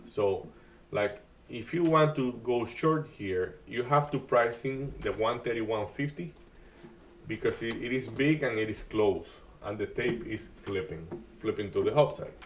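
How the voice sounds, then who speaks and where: A man hosting a live day-trading stream, talking through market moves in a halting way with many restarts and uneven grammar. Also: medium pitch, recorded from a distance, a little hiss or hum. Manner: halting, restarts often, non-native grammar.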